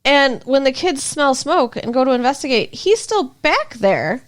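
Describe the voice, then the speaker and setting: A woman's voice: high voice, sing-song, normal speed. A woman co-hosting a podcast, recapping a TV episode in casual chat, blunt and indignant, swearing freely. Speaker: podcast co-host.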